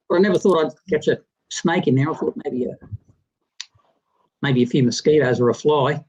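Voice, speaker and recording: A man spins a long, rambling yarn, restarting his sentences as he goes. His voice sits a little higher than most men's and comes through dull and lo-fi over a video call. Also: moderate pace, pauses often. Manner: rambling, animated anecdote teller with many restarts. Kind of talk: casual storytelling on a livestream chat.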